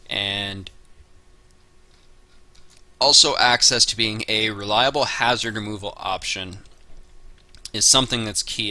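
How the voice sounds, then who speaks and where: Brief: man, low voice with a sharp, forceful edge, casual draft breakdown, fillers. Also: no room sound. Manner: analytical, lists moves and stats, frequent "uh" and "um" fillers. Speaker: Pokemon draft league player.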